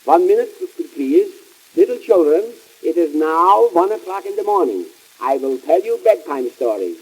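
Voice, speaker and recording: A man performs a wisecracking comic businessman straight out of a 1920s vaudeville record. The voice sits high and husky, and every line lands as a dry punchline delivered in quick patter. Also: poor audio. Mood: announcing. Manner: punchline-driven deadpan patter.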